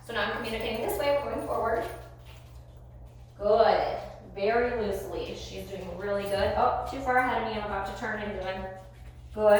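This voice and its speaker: A woman's voice: mid-range voice, a bit bright. A woman training her dog on a leash, who mixes short praise like "good boy" with explanations to viewers. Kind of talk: live dog-training commentary. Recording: very echoey with faint noise.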